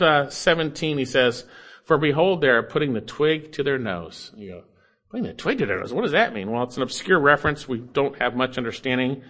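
A man's voice: expressive, a little fast. Earnest man preaching verse by verse. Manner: earnest preaching, rising loud on scripture quotes then dropping low. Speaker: pastor. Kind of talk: expository sermon.

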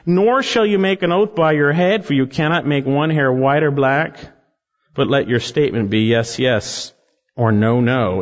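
A man preaching an expository sermon as a pastor, emphatic, rising on key phrases and slowing down to drive points home. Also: a little high. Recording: dull sound with long reverb in a large hall.

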